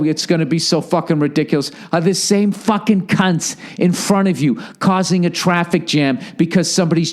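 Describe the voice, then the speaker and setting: A man in his forties hosting a solo podcast from home, ranting profanely and sarcastically and mocking people in put-on voices. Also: fairly high pitch. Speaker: podcast host. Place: home in Los Angeles.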